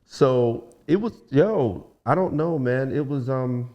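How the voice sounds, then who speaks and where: A young guest singer from Washington DC tells stories in a relaxed podcast interview, acting out the people he quotes. His voice is mid-range and slow, and the audio sounds lo-fi.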